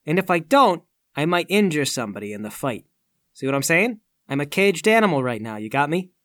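Guy player talking in character, high and bouncy, smooth and threatening. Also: big pitch swings, brisk, fairly bright tone, dry recording, studio quality. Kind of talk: speaking in character.

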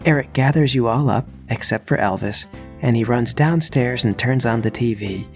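A man runs a tabletop game as narrator, his voice mid-pitched and even. He tells the scene calmly, and soft music plays faintly behind him. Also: normal speed, gravelly. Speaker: game master.

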